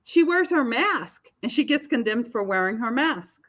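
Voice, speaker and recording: A woman's voice: fairly high pitch, sing-song, normal speed, a bit bright. A woman in her fifties, an author guest on a podcast, talking casually and telling stories with frequent laughs. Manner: chatty storyteller, laughs often.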